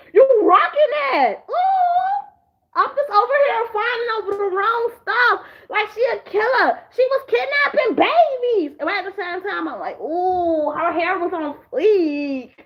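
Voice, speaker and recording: A tipsy young woman rambling profanely about TV shows in a casual vlog, slipping into animated impressions. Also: very high voice. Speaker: vlogger. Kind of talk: casual drunk show recap. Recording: dull lo-fi home video audio.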